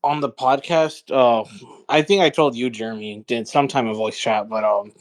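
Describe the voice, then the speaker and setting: A man's voice: mid-range voice, fairly even intonation, moderate pace. A man co-hosting a podcast, telling anecdotes with lots of hesitation and fillers in crude casual chat. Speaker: podcast co-host.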